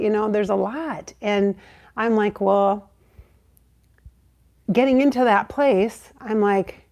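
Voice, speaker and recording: Creaky-voiced woman venting to viewers. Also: fairly even intonation, slow pace, pauses often, a little mellow. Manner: emphatic, swearing, rising to high exclaims when reenacting. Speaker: psychic channel host. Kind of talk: casual spiritual vlog talk.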